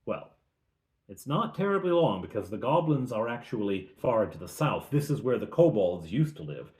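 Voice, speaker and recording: Chatty game master in an echoey room. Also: male voice, lowish voice, big pitch swings, normal speed, darkish tone. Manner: casual, chatty asides. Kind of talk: recapping a tabletop game.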